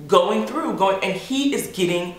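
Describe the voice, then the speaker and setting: A woman's voice: mid-range voice, expressive, measured pace. A woman vlogger casually telling a story to her camera, chatty and full of "like" fillers. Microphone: camera mic. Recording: echoey room.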